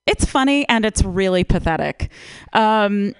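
A woman's voice: medium pitch, expressive, unhurried, clean tone, no echo. A woman giving a self-deprecating comic monologue, hesitating with fillers. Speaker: improv comedy performer.

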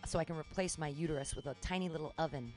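A woman's voice: low-pitched, racing, darkish tone, soft background music. A woman hosting a show, chatting casually, playful and rambling. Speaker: host. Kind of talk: casual chat.

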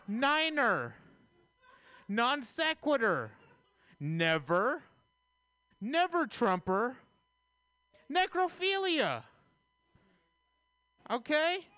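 A man delivers a stand-up set slowly and deadpan, leaning into provocation. His voice is bright and crisp. The sound is close and dry. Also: extremely high pitch, no room sound. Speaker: stand-up comedian.

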